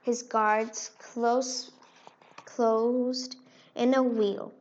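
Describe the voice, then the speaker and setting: A woman reads a children's storybook aloud, slow and expressive. Her voice is fairly high, and the recording is dull and lo-fi. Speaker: narrator. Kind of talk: storybook reading.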